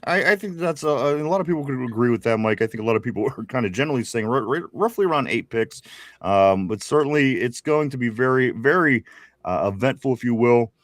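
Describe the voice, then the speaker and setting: A man's voice: mid-range voice, animated, fast talker, dry recording. A man co-hosting a casual live sports show, reading viewer comments and laughing often. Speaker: co-host.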